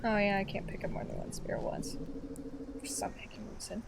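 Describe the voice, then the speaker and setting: A young woman commenting on a video game as she plays, excitable, chanting and shrieking at the screen. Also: medium pitch, a little fast, gravelly, very noisy. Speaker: gamer. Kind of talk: let's-play commentary.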